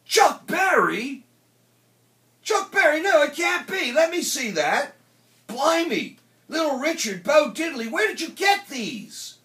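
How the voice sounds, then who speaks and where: A man voicing a swaggering young rocker from Liverpool with a Liverpool accent, talking in excitable, shouting bursts. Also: extremely high pitch, takes it slowly, pitched above the performer's own voice, exaggerated voice. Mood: astonished shouting. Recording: roomy, distant mic.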